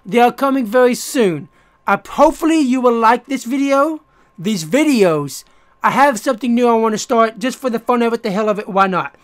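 Very high and lively in intonation, slightly bright, this gaming YouTuber talks at normal speed. He casually comments on his own play, curses and rants when things go wrong, and addresses viewers directly.

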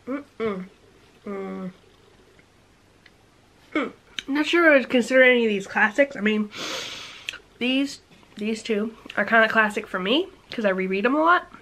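A woman vlogging to camera in a casual chat, talking quickly and energetically, teasing with rhetorical questions and sometimes dropping into soft, near-whispered asides. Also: a little high, lively intonation, slight background noise, low-quality recording. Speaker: book vlogger.

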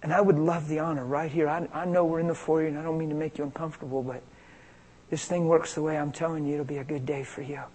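An American man from Pennsylvania preaching an informal sermon on healing, energetic and conversational, swinging between loud and quiet. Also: fairly high pitch, fast, breathy edge, low-quality recording. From Pennsylvania, USA. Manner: conversational, energetic, big swings in loudness, plays out dialogue.

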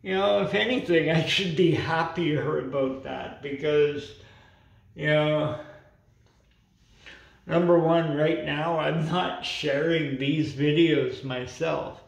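A man's voice: a little high, takes it slowly, creaky, recorded from a distance. A man who speaks a bit unclearly because he has no teeth, ranting defiantly in a casual vlog and peppering his talk with "you know" and "right". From Canada. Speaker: vlogger. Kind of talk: casual vlog rant to camera. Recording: roomy echo, voice away from the mic.

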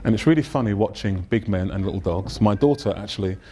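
A man's voice: fairly low pitch, quick pace, mellow, a little hiss or hum. A man with an English accent, a pastor preaching a humorous storytelling sermon in a church. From England. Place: church sanctuary.

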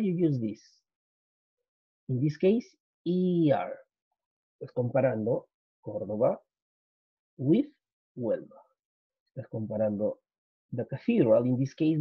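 Working through slides, this English teacher repeats each grammar point and drops into Spanish for explanations. He has a mid-range, slightly rough voice; there's no echo, though the audio is dull and lo-fi.

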